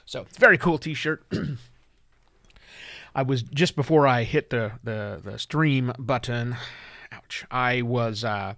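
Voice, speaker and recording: A man hosting his own podcast live, chatty and self-deprecating, thinking out loud and a little phlegmy, clearing his throat now and then. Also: medium pitch, slow, dry recording, clean studio sound. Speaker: podcast host. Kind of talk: live-taped solo podcast, casual chat. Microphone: studio mic with headphones.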